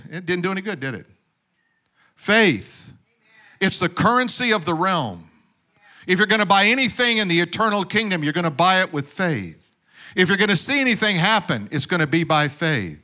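Male preacher, high and forceful, punchy rhetorical sermon style with playful jabs at the congregation. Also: big pitch swings, normal speed, pauses often. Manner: emphatic, with rhetorical questions and calls for amen; joking asides to the congregation. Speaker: pastor.

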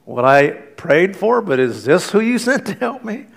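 A man's voice: high voice, very animated, unhurried, vocal fry, husky, voice pushed up, exaggerated voice. A frantic young mother stranded by her locked car, breathless and pleading for help, as a preacher acts her out. The voice lifts a little above his usual talk. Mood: anxious.

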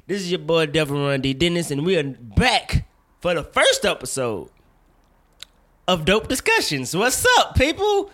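A young man hosting a casual podcast, talking with animated, profane, loud mock outrage. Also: a little high, a little slow. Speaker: podcast host. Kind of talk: casual chat.

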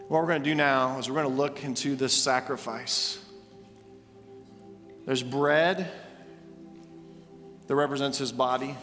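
A male pastor preaching a sermon in a church, telling stories with animated, emphatic repetition. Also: mid-range voice, big-room sound. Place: church sanctuary.

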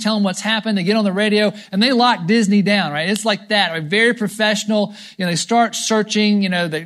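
A male pastor with a noticeably high voice delivers his sermon with animated storytelling. He keeps pulling the congregation along with a repeated "right?".

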